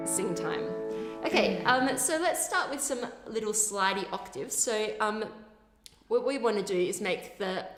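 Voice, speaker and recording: A woman leading an online choir tutorial, chatty and upbeat, laughing at herself as she walks singers through vocal exercises. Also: medium pitch. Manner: chatty, upbeat, self-deprecating. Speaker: choir leader. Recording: roomy with loud backing music.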